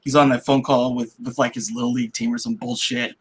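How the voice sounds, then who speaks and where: A man co-hosting a film podcast, chatting casually and excitedly, acting out movie lines and breaking into laughter. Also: mid-range voice, a little fast, husky. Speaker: podcast co-host.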